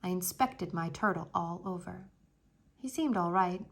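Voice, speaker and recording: A woman reading a children's chapter book aloud in an expressive storytelling way. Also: lowish voice, a little slow.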